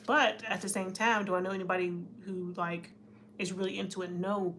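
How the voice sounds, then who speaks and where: A woman's voice: mid-range voice, fairly bright tone, a little hiss or hum. A woman hosting a casual live stream, chatting with her viewers and reading their comments, often laughing. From United States. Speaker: livestream host.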